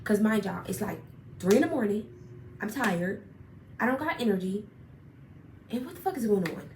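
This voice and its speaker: A young woman telling a personal story in a casual, animated, profane way, getting worked up as she retells it. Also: mid-range voice, moderate pace. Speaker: storyteller vlogger. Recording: roomy echo, far from mic, faint noise.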